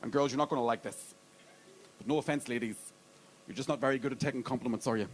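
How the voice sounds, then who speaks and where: A man's voice: medium pitch, quick pace. A male stand-up comedian telling crude stories on a comedy club stage into a handheld mic. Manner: brash, crude storytelling. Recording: live club with audience noise.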